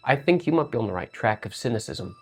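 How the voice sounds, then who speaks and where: A player at a tabletop game who talks in long, excitable, rambling runs and swears often. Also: medium pitch, fast, slightly rough, faint music behind. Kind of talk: casual tabletop game chat.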